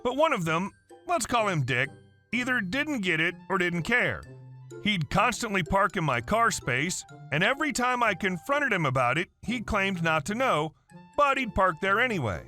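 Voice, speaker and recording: Bright, lively male story narrator. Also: sits high, normal speed, soft background music.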